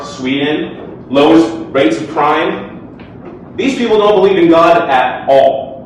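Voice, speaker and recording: During a formal debate in an echoey hall, a man speaks with a medium pitch, pressing his position earnestly and conversationally while leaning on fillers. The mic is distant and a little background noise can be heard.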